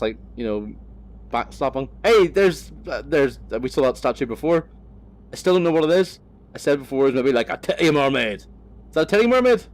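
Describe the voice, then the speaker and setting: A man vlogging as he drives, chatting in a loose, rambling way, swearing freely and poking fun at himself. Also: medium pitch. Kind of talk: casual rambling chat. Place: driving a vehicle on the road.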